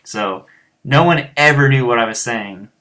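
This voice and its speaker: Man, rural American accent, bright voice, casual rambling chat, lots of fillers. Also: medium pitch, a little slow. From United States. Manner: rambling, many fillers and restarts. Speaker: guitar teacher and show host. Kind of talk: casual chat answering viewers.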